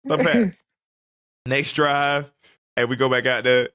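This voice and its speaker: Animated young man, bright voice. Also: mid-range voice, slow pace, dry recording, studio quality. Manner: animated, laughs often, acts out quotes. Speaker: podcast co-host. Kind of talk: casual storytelling chat.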